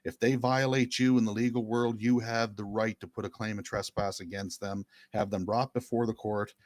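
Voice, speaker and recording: A man's voice: fairly low pitch, steady tone, moderate pace, no echo, studio quality. A middle-aged man, talking earnestly and emphatically to viewers, often repeating his phrases. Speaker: speaker giving a talk. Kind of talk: casual monologue to viewers.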